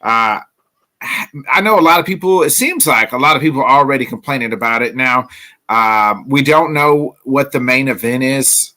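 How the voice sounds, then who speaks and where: A man's voice: medium pitch, moderate pace, sharp tone. A man hosting a casual solo sports podcast, rambling with lots of fillers. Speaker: podcast host.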